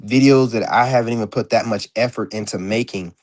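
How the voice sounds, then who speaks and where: A man's voice: fairly low pitch, fairly quick. A man ranting in a casual vlog monologue, blunt and profane, rambling with lots of fillers. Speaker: vlogger. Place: indoors.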